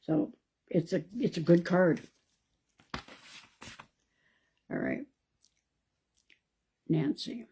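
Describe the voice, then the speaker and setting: A woman, a psychic medium, doing a live-stream card reading in a calm, reassuring way and thinking aloud. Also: fairly low pitch, very slow, long pauses, husky. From Canada.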